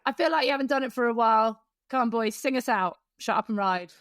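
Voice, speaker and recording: A woman's voice: a little high, fast talker, fairly bright tone, no room sound, studio quality. A woman co-hosting a podcast, bubbly and teasing in casual chat, swearing freely. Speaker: podcast co-host.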